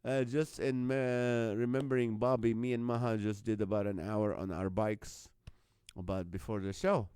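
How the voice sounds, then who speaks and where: A man's voice: on the low side, little pitch movement, normal speed, a little mellow, smooth, no echo. A man hosting a live online comedy show, reading out viewer jokes, greeting viewers by name and laughing often at the lines.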